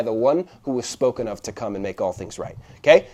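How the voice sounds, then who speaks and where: A man's voice: fairly low pitch, lively intonation, brisk, dark tone. A young man preaching a casual sermon, checking in with his listeners often as he explains. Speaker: pastor. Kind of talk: conversational sermon.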